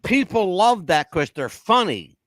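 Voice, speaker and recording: A man hosting a podcast, talking in a blunt, profane, animated way. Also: high-pitched, measured pace, dry recording. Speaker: podcast host. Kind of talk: casual chat.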